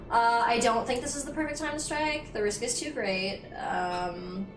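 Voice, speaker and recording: A woman's voice: fairly high pitch, moderate pace, echoey room, distant mic, faint music behind. A young woman casually commenting on her strategy game play, chatty and sarcastic, swearing now and then. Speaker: gaming streamer. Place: home room.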